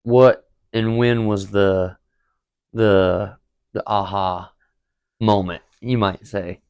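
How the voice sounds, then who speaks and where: A male podcast host with a smooth, clear, low voice puts short, easygoing questions to his guest. He keeps a relaxed conversational tone. The sound is dry, with no room echo. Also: takes it slowly. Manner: brief, conversational prompts and follow-up questions. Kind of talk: casual conversation.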